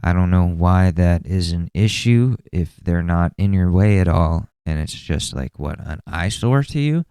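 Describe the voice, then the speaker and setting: A man's voice: sits low, animated, unhurried, few pauses, warm tone, clear, resonant tone, no echo, clean studio sound. A man hosting a podcast in a casual, rambling way, swearing often and mocking what he sees. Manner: profane, rambling, sarcastic. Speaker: podcast host.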